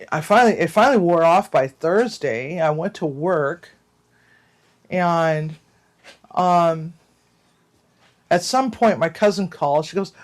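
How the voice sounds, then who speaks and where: With a mid-range voice, a cooking channel host rambles casually through a long personal story for viewers, restarting often and cursing mildly.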